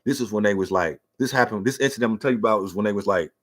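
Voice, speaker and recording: A man's voice: on the low side, very fast. A middle-aged man telling a personal story in a casual, profane and emotional rant.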